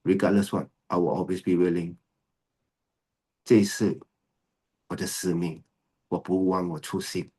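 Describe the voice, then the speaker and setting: A man's voice: deep voice, level tone, a little slow, pauses often, dark tone, slightly rough. A man giving an earnest, emphatic Buddhist dharma talk, often repeating key words. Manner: earnest, repetitive, emphatic, switches to Mandarin. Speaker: Buddhist teacher. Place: video call recording.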